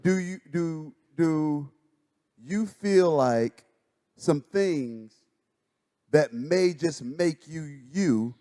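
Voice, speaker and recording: A fairly high-pitched man, a pastor, chatting casually. He tells stories with animation and acts out the lines of the people in them. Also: extremely slow. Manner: animated storytelling, acts out quotes. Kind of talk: casual chat. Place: church stage.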